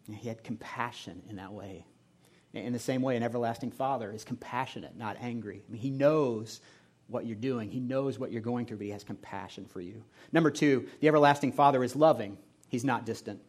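A middle-aged man from Indianapolis preaching a sermon, telling a personal story in a conversational way and often dropping to a soft, hushed tone. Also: medium pitch, fast talker. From Indianapolis, USA. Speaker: pastor.

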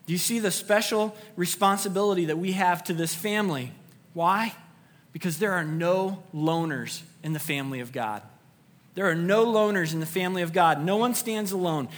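In a church sanctuary with a big-room sound, a male pastor with a high voice delivers his sermon at a moderate pace. He speaks earnestly and emphatically to the congregation, repeating key phrases to give them weight.

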